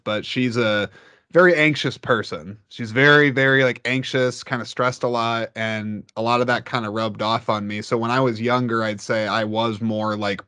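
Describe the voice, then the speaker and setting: Animated man chatting on a podcast, dry sound. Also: smooth, no echo. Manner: animated storyteller who jumps up in pitch. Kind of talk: casual podcast chat.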